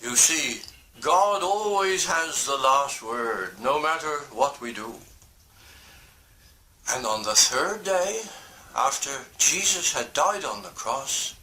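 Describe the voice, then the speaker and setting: Man reading a kids story, slow n warm, bright tone, lots of ups n downs. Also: mid-range voice, expressive, a little hiss or hum. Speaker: storyteller, minister.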